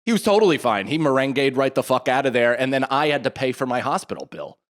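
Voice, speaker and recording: Animated and fast, a thirty-something podcast co-host with a mid-range voice tells a story during casual chat. He swears plenty and acts out the people in it.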